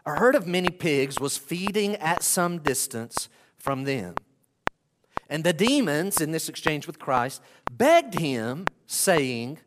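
A man preaching an expository sermon as a pastor, reading scripture with animated emphasis. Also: a little high, measured pace. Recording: echoey hall with clear background noise.

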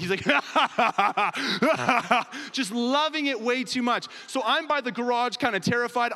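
A man's voice: high voice, bright, forceful tone, in a large hall. A man preaching a sermon and telling a funny story with lots of animation. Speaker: pastor.

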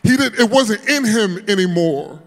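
A man with a high, bright pitch preaches to his congregation, telling a conversion story. He swells from hushed narration into shouted, sing-song peaks. His voice rings out with a long hall echo, as in a church sanctuary. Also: animated, moderate pace. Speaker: pastor. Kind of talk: sermon.

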